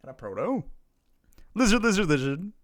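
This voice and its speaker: This live streamer's voice sits high and moves at normal speed. He reads viewer messages aloud, greets people playfully, and giggles a lot, breaking into sudden bursts of excitement.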